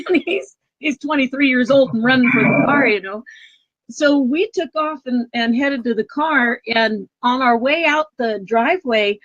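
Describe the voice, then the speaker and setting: A middle-aged woman with a fairly high voice tells a personal story as a guest, bringing it to life by acting out what people said and now and then breaking into loud bursts. Her voice sounds close and dry, with no room around it. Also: measured pace, dry recording, dull audio. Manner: animated, acts out quoted speech with sudden loud outbursts. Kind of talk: conversational storytelling. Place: travel trailer.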